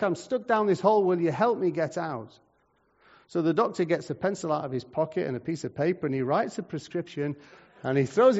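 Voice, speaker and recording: A man preaching a sermon, telling stories in a conversational way and moving between loud and quiet. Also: a little high. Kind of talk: sermon with storytelling. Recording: muffled, long hall reverb.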